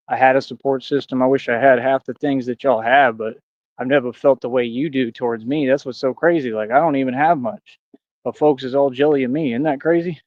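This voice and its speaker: A man's voice: medium pitch, a little mellow, no echo, dull audio. A man ranting casually on a livestream, rambling and aggrieved, slipping into preachy declarations. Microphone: streaming mic.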